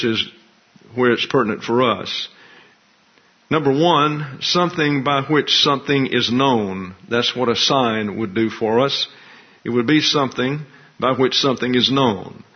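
A male pastor delivering an expository sermon, explaining scripture and its grammar in a deliberate, teacherly way. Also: medium pitch, slightly rough. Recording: dull lo-fi recording.

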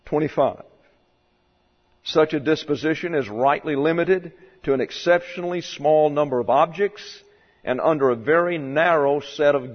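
Deliberate male preacher in a reverberant hall. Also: mid-range voice. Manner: slow, deliberate teaching with measured emphasis. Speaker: pastor. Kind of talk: sermon. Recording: dull lo-fi sound in a long-reverb hall.

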